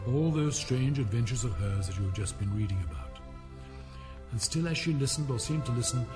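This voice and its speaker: A man narrating a storybook aloud with an animated, dramatic delivery. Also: on the low side. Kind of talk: expressive storybook reading.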